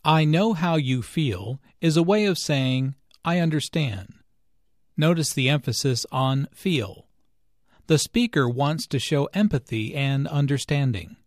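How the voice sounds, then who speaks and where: A man explains pronunciation points in a scripted English lesson. His speech is clear and deliberate, with a lively, rising-and-falling melody. The recording is dry with no room sound. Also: mid-range voice, dry recording. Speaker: English teacher and narrator. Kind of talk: scripted language lesson narration.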